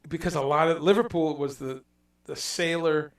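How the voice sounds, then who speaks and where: A man hosting a casual livestream chat, telling stories in a rambling, animated way and dropping in profanity. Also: on the high side, normal speed, echoey room, recorded from a distance. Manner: rambling, animated storytelling with mock accents and profanity. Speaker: livestream host.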